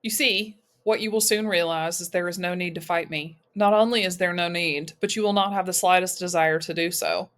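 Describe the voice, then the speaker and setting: A woman voicing a smooth, menacing male overlord who talks in a soothing, patronizing way. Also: on the low side, steady tone, a little fast, few pauses, fairly bright tone, close to an everyday voice.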